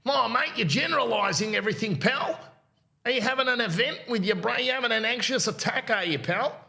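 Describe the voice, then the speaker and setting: A man puts on a squeaky, indignant provincial bloke. His voice jumps up high, whiny and needling. He talks down to whoever he's scolding. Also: fairly quick, creaky, pushed and bright, exaggerated voice.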